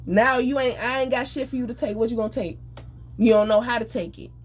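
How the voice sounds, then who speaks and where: A woman venting in an angry, profane, rapid rant. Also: a little high, fairly even intonation, slightly rough. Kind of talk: emotional venting monologue.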